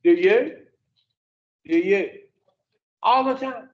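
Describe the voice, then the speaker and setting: A man's voice: high-pitched, extremely slow, muffled recording. A man speaking to an addiction recovery group in a blunt, profane, plain-spoken way, firing rhetorical questions at the room. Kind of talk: blunt motivational talk to a group.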